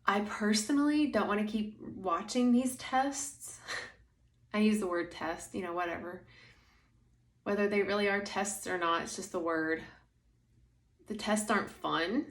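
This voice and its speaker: A woman's voice: mid-range voice, a little slow, pauses often. Woman spiritual guide rambling casually, lots of likes, echoey room. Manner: casual, rambling, many "like" fillers. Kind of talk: spiritual monologue.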